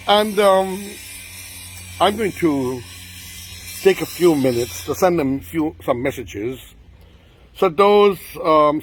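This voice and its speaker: A middle-aged Guyanese man hosting his own show, giving preachy commentary straight to his listeners and pausing often on fillers. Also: medium pitch, husky, poor audio. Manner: preachy, addresses listeners directly; hesitant with frequent fillers. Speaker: host. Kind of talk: casual commentary to camera.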